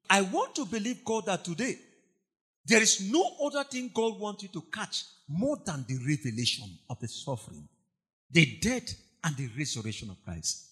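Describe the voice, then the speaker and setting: A man, a pastor preaching an impassioned sermon, emphatic and repetitive, moving between shouts and hushed tones. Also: a little high, animated, moderate pace, slightly rough.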